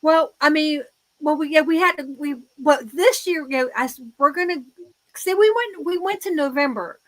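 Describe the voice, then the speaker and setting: High bright-voiced woman, rambling excitedly. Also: normal speed, dry recording, low-quality recording. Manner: excited, rambling storyteller with many restarts. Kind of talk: casual chat.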